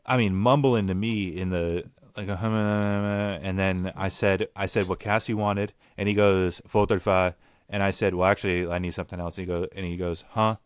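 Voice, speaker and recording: A man's voice: sits low, steady tone, normal speed, clear, resonant tone, no echo, studio quality. A young man hosting a casual podcast chat, ranting bluntly and swearing. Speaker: podcast host.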